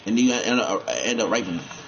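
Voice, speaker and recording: A man's voice: on the low side, lively intonation, fairly quick, creaky, a bit bright, highs cut off. A man rambling and cursing as he comments on a game he is playing, often repeating himself. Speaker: gamer.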